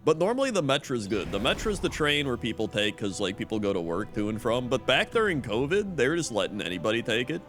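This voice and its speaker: Brief: young male streamer, mid-range voice, lively animated swings, swears freely, faint game music underneath. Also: medium pitch, fast talker, hardly any pauses. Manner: profane, rambling storyteller. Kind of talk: casual chat.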